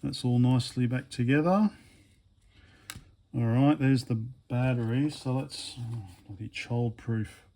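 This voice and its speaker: A man giving a casual hands-on teardown commentary, thinking aloud in a hesitant, low-key way with many fillers and restarts while he works. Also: a little slow, mellow. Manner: low-key, mutters asides while working with his hands. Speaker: electronics hobbyist vlogger.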